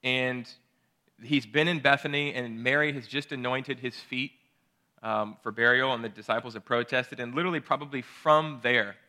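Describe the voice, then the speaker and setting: A pastor. His voice is bright and forceful, and his delivery is earnest and excitable. He often starts a phrase twice before carrying on. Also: medium pitch, moderate pace. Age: late 30s. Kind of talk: sermon.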